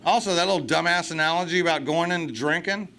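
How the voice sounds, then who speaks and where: A man's voice: a little high, fast talker, gravelly. A man speaking at a recovery meeting, telling blunt, profane, comic stories to a live crowd. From United States. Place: meeting hall before an audience.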